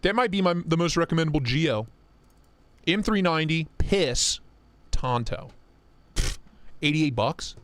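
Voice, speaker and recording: A man's voice: a little high, animated, measured pace, long pauses, a bit bright. A young man hosting a livestream in casual, profane, joking chat, reading viewer comments aloud. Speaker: livestream host. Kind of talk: casual live-stream chat.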